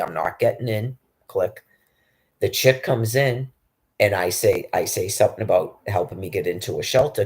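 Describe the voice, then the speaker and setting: A man's voice: low-pitched, a little mellow. A man in a rambling, agitated, profanity-laden monologue about being homeless, with frequent restarts. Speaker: public access show guest.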